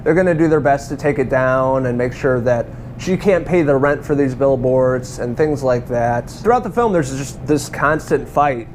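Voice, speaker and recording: A man's voice: medium pitch, moderate pace, few pauses, darkish tone, a little hiss or hum. A man giving a casual, rambling movie review, swearing freely and laughing now and then. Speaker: film reviewer.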